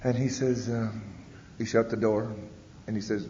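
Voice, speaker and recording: A man's voice: level tone, normal speed, mellow. A man giving a personal testimony talk at a convention, telling his story bluntly with frequent "uh" and "you know". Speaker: speaker at a recovery convention. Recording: echoey hall, dull 1990s tape, faint rumble.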